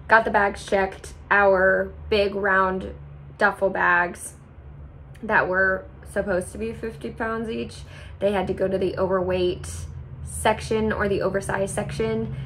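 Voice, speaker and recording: A young woman vlogger telling a travel story in a casual, animated way, often laughing and acting out what people said. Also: mid-range voice, a little hiss or hum. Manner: animated, laughs often, acts out quoted reactions.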